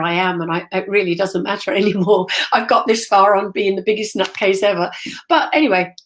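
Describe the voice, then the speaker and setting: Rambling, excitable middle-aged woman. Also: medium pitch. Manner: rambling and excitable, frequent ums and self-corrections. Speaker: spiritual medium. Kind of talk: casual storytelling to a live online audience.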